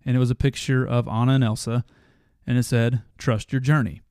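A man's voice: medium pitch, level tone, brisk, dark tone, clear, resonant tone, no echo, clean studio sound. A man in his thirties hosting a motivational podcast, telling a family story in an earnest way that grows passionate. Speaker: podcast host.

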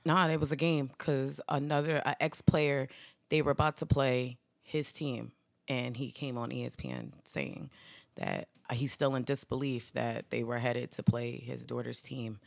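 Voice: mid-range voice, a little slow, vocal fry, no room sound. A podcast co-host telling a story in casual group chat, rambling with plenty of "um" and "like". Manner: rambling storytelling with frequent fillers.

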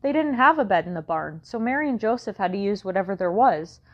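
A woman voicing a patient mother who explains slowly, a little exasperated, in an audiobook. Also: mid-range voice, expressive, highs cut off, lightly acted. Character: patient mother reading scripture, mildly exasperated. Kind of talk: audiobook character voice.

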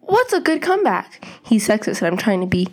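A woman in casual group chat, loud and laughing, teasing the others and quick to get defensive. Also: mid-range voice, sing-song. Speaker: podcast co-host.

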